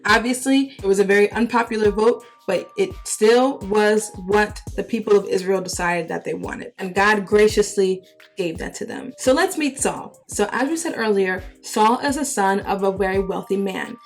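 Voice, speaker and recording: A young adult woman hosting, retelling Bible stories in a lively, slangy, conversational way. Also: medium pitch, normal speed, faint music behind. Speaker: host. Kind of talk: casual Bible storytelling.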